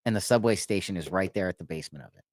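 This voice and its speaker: A man's voice: low voice, very fast, no echo, studio quality. A man hosting a podcast, telling a long rambling story in casual chat and laughing at his own jokes. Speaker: podcast host.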